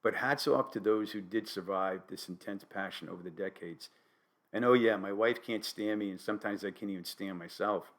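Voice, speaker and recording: Dry-humored older Connecticut man, low voice. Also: normal speed. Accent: Connecticut, New England. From New Haven, Connecticut. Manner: dry, wry humor with deadpan asides. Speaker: podcast host. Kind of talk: solo monologue podcast.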